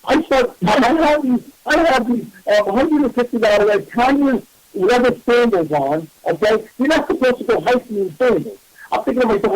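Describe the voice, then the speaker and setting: A man, a psychic medium hosting a radio show, telling a story in a casual, animated and self-mocking way. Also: very high voice, moderate pace, no room sound, rough recording.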